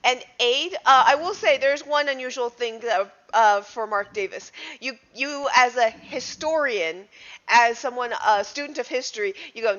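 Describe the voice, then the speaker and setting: A woman with a fairly high, bright voice narrates as game master of a tabletop role-playing session, relaxed and quick to laugh with her players. The audio is dull and lo-fi, like a home podcast recording. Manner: easygoing, laughs along with players.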